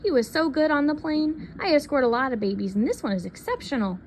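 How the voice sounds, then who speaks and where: A kindly woman escort in a storybook, bright and pleased as she hands over a baby, as a woman reader puts her on. Her voice sits a little higher than a plain read, with a faint hiss of background ambience behind it. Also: lively intonation, fast.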